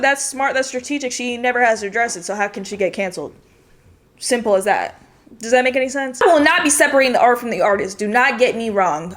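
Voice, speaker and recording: A woman's voice: on the high side, a bit bright. A young adult woman giving a casual commentary rant, blunt and sarcastic, swearing freely. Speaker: commentary vlogger.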